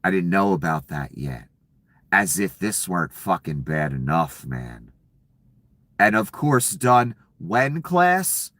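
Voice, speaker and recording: A man's voice: low-pitched, lively intonation, slow pace, a bit bright, dry recording. Furious, profane man ranting. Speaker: political commentator. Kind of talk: angry political rant.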